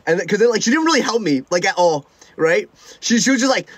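Young male streamer, slightly high-pitched, loose rambling storyteller who stumbles and repeats himself. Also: sing-song, fast, fairly bright tone, dry recording. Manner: rambling, many restarts and repeated words. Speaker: livestreamer. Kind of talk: casual livestream storytelling. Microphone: own streaming mic.

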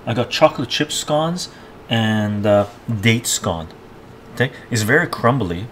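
A man in mid-range pitch, chatting on a live stream from what sounds like his home kitchen. He rants and rambles, drifting from point to point and tagging sentences with "right?". A faint hiss sits under his voice. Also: expressive, unhurried, a bit bright. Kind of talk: casual live-stream chat.

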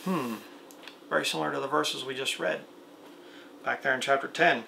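A man's voice: medium pitch, steady tone, normal speed, gravelly, sharp tone, a little hiss or hum. A man preaching a plain-spoken video sermon, reading scripture aloud and asking his listeners rhetorical questions.

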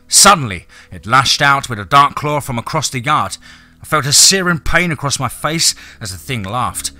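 A male narrator reads a scripted story in a measured, dramatic manner. His voice is very bright and forceful at a middle pitch, with faint music underneath.

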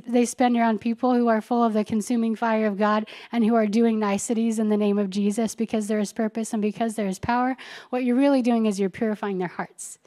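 A woman with a fairly high voice preaches in a relaxed, chatty way. She mixes everyday stories and quick asides with scripture reading. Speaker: pastor. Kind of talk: sermon.

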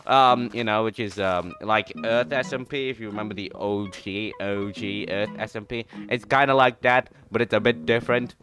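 Excitable man streaming a game. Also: fairly low pitch, moderate pace, hardly any pauses, faint music behind. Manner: excitable and playful, bursts into mock trash talk. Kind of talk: casual gameplay commentary.

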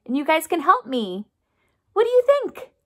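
A woman's voice: very high voice, sing-song, moderate pace, fairly bright tone. A woman music therapist leading young children in a remote lesson, talking in a sing-song, coaxing way and imitating instruments with her voice. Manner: sing-song, coaxing teacher talk with call-and-response.

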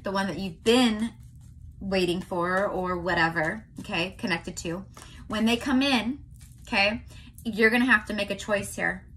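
Young woman, tarot reader, casual and chatty, mid-pitched, faint room hum behind. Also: fairly bright tone. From California. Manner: chatty, keeps checking in with "okay?". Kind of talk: casual tarot reading to camera.

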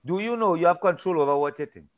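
A man's voice: a little high, quick pace, muffled recording. A man in a casual Bible discussion, talking emphatically and preachily, often repeating and restarting his words.

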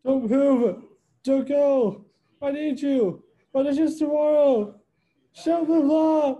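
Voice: high-pitched, fairly even intonation, slow, dark tone, lo-fi sound. An amateur performer reading a dim young male actor who is confidently clueless.

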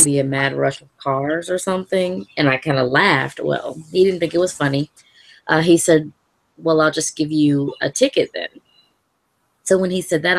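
Woman, very low voice, gravelly, calm, measured, interview account. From Louisville area, Kentucky. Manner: calm, measured storytelling with soft laughs.

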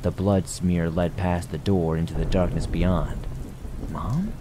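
Male horror narrator, very deep and dark, measured and hushed, soft rain behind. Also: flat delivery, background noise.

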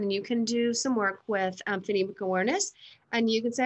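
A woman demonstrating classroom teaching methods, sounding out letters and switching into a bright voice she uses with children. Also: on the high side. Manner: slow, deliberate, modeling sounds to children. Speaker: teacher trainer. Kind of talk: instructional demonstration.

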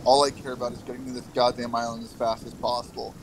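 A man's voice: medium pitch, flat delivery, quick pace, background noise. A man speaking in character as a player at a tabletop game, dry and impatient.

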